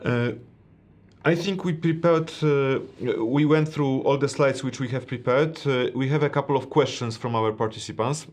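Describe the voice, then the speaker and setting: A man with a Polish accent addresses a webinar audience in formal business English. He speaks in a measured way, pausing on uh fillers, at a middle pitch. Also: darkish tone. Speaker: senior tax partner co-hosting a webinar. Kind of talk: webinar presentation.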